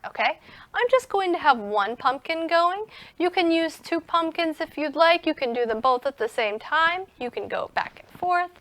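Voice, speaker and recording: A young woman teaching a recorded music lesson to young children, gentle and encouraging. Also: sits high. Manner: gentle and encouraging, speaks slowly to young children, sings and whispers in parts.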